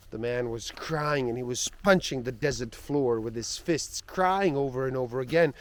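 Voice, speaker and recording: A man reading passages of a spiritual book aloud in a slow, reflective way. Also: mid-range voice, expressive, no echo.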